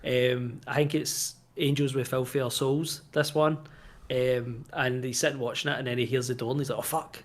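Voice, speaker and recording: A man's voice: mid-range voice, little pitch movement, moderate pace. A Scottish man co-hosting a podcast, animatedly retelling film scenes in casual chat and swearing freely. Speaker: podcast co-host.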